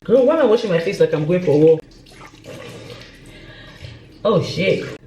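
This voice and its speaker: A young woman, telling a dramatic storytime vlog with lively exaggeration. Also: on the low side, moderate pace, a little hiss or hum. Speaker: vlogger. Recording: roomy echo.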